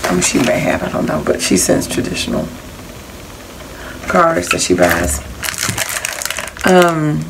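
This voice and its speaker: Woman, craft haul vlogger, low gravelly voice, chatty and rambling, reads out prices, noisy home recording. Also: big pitch swings, unhurried, long pauses. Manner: chatty and rambling, reading out prices and item numbers. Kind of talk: casual show-and-tell of craft supplies.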